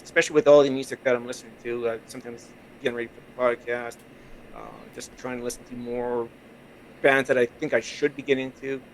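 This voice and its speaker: A man's voice: medium pitch, fairly bright tone, a little hiss or hum, rough recording. A man from Canada with a Canadian accent, a podcast guest chatting casually and rambling easily through his stories over a remote call mic. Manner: easygoing, rambling storyteller. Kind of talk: casual interview chat.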